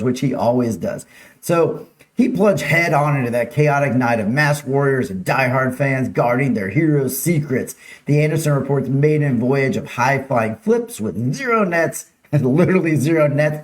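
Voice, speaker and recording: A man hosting a casual live-streamed local news show, chatting with viewers and talking over slides. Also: on the high side. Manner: chatty, upbeat, reads viewer names and slides aloud.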